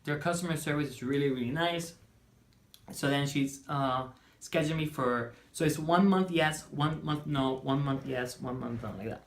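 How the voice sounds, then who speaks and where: A woman chatting through a storytime vlog, animated and chatty, acting out bits of dialogue. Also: deep voice, moderate pace. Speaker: vlogger.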